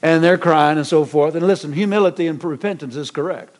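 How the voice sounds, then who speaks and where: High-voiced preaching pastor. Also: male voice, fairly quick. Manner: animated preaching with repetitions and restarts. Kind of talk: sermon.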